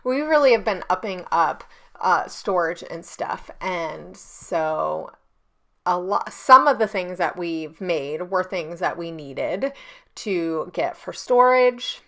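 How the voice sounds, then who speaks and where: Woman, 30s, bright voice, chatty rambling scrapbook vlogger, home desk, camera on a stand. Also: lowish voice, lively intonation, slow. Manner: chatty, rambling, with frequent ums and self-corrections. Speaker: scrapbooking YouTuber. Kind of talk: casual crafting tutorial. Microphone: camera on a stand on her desk.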